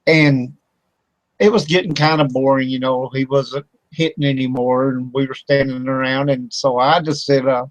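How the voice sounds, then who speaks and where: Hosting an internet radio talk show from a home studio, a man tells a rambling story full of fillers and laughter in casual chat. His mid-range voice keeps a steady tone at normal speed, with no room sound on a rough recording.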